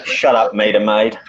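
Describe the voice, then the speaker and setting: A man, co-hosting with crude trash-talking insults. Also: mid-range voice. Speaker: co-host. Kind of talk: crude casual banter. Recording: dull lo-fi off-mic sound with faint noise.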